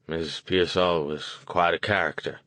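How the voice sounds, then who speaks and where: A man voicing a gruff, suspicious older motel keeper who talks in a blunt, folksy rural way. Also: low voice, steady tone, measured pace, fairly bright tone, dry recording. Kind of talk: audiobook character voice.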